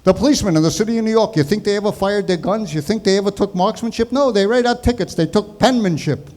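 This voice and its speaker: A man in his sixties doing an impression of a boastful deadpan comedian with a brisk clipped patter. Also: high voice, natural voice. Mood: smug. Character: boastful deadpan older male comic with a quick patter.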